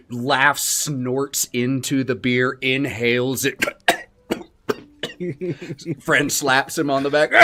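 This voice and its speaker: A man's voice: mid-range voice, pushed and bright, a little hiss or hum. An easygoing man narrating as game master, laughing often.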